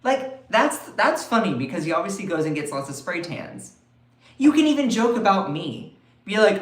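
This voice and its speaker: A man's voice: high voice, sing-song, moderate pace, roomy sound. A man with a Southern US accent giving emphatic political commentary on a live stream, often repeating and restarting his phrases. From Southern United States.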